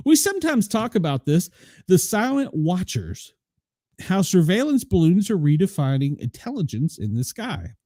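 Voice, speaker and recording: A man's voice: high voice, very animated, moderate pace, warm tone, dry recording, studio quality. A man hosting a news show, reading stories aloud and breaking in with blunt, opinionated asides. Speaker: news commentary host.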